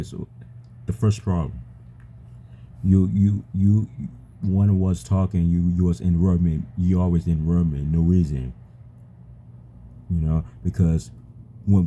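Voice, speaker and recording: Very deep halting man, stammering. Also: dark tone, a little hiss or hum. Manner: halting, stammering, repeats words. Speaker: user chatting with an AI. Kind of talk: casual chat.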